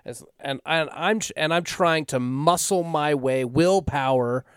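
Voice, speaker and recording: A man co-hosting a casual podcast chat who speaks haltingly and repeats words while he searches for them. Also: fairly high pitch, smooth, no echo, studio quality. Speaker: podcast co-host.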